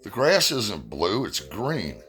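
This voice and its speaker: A man's voice: fairly low pitch, wildly swooping pitch, slow, fairly bright tone, faint music behind, exaggerated voice. A man voicing a proud male tiger who protests in a fable, close to his own voice. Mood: protesting.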